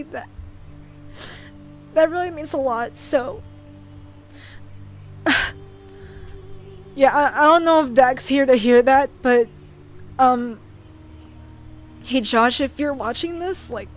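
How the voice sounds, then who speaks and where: Her voice high-pitched and a touch mellow, a young streamer who also animates opens up about her dreams in casual, earnest live-stream chat. Frequently tripping over and restarting her words, she grows teary with emotion.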